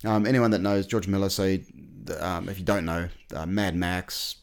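A man's voice: sits low, fairly even intonation, moderate pace, smooth. A man in casual podcast chat, rambling and enthusiastic, with many fillers and restarts.

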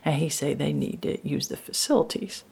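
Low gravelly woman telling a story. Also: a little mellow. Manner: rural dialect, halting restarts, folksy. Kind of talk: first-person storytelling monologue.

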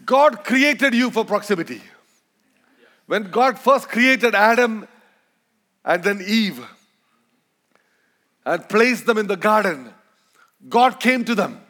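A man from India, native speaker of Malayalam, preaching with an Indian accent and a joking, lively manner, leading the congregation in call and response. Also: high-pitched, takes it slowly, pauses often. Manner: joking, lively, leads the crowd in repeating. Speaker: guest preacher. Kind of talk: sermon.

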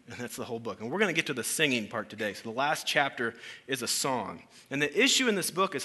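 A man's voice: medium pitch, bright, forceful tone. A man in his thirties preaching a sermon as pastor, talking casually and jokingly, asking the congregation questions.

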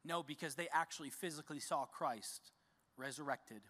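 A man preaching in a church sanctuary, pressing his points with emphatic repetition. His voice sits high and rings bright, and it carries a long reverb from the big hall around him. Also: moderate pace. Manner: emphatic, repeats key words for stress. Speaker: pastor. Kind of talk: sermon.

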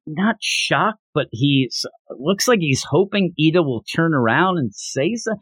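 An animated man hosts a podcast and retells a manga chapter with enthusiasm. His voice sits a little high and swings widely in pitch. The recording is dry, with no room sound. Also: unhurried, slightly rough, no room sound. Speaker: podcast host. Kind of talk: casual manga recap.

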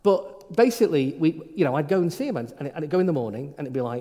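A middle-aged man, a priest, gives an informal sermon fast and very animatedly in a warm, slightly high voice. He keeps it conversational but stumbles and restarts his words often, recorded in a reverberant hall.

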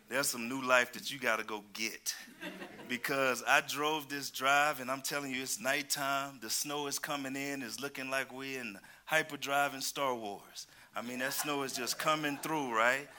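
A man preaching a sermon, telling an animated, playful story with laughter before turning to scripture. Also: mid-range voice, normal speed. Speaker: pastor.

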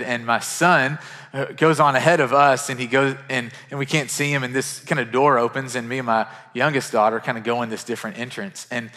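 Male pastor, thirties, from western Kentucky; conversational, heartfelt sermon, average pitch, long church reverb. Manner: earnest, conversational, frequent restarts, drops to hushed tones for quoted lines. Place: church sanctuary.

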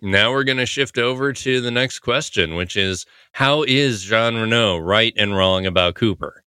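A man's voice: fairly low pitch, normal speed, bright, forceful tone, smooth, no room sound, studio quality. A man hosting a show, casually breaking down a TV episode in a loose, rambling way, full of filler words and laughing often. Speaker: podcast host analyzing a TV episode. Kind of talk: casual commentary.

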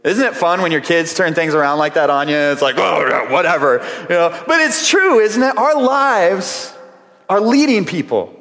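A middle-aged man preaching in a church sanctuary, his voice a little higher than most men's. He talks earnestly and conversationally, often stumbling and restarting his phrases as he presses a point. His voice rings with the long reverb of a large hall. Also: moderate pace, a bit bright. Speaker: pastor. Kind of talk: sermon.

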